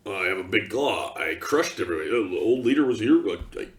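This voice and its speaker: A man's voice: fairly low pitch, lively intonation, fairly quick, pitched below the performer's own voice, close to an everyday voice. A man voicing a dim, brutish male orc who talks in short, clipped, grunting sentences. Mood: boastful.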